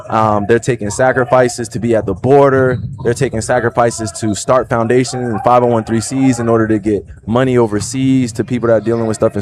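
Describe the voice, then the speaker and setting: A man in his thirties with a New Jersey accent, talking to viewers on his livestream in an earnest, reflective way and often checking in with "right?" and "you know". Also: medium pitch. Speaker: livestream host. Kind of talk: casual reflective monologue.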